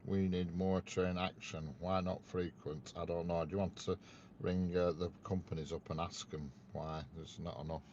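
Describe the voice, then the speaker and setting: A man with a very low, deep voice and a Northern English accent chats casually on a live stream, reading out viewer comments and ribbing them with dry humour. The audio is dull and lo-fi, with a faint hiss of background noise underneath. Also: level tone, moderate pace, darkish tone. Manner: reads viewer comments aloud and teases them with dry banter. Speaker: railway live-stream host.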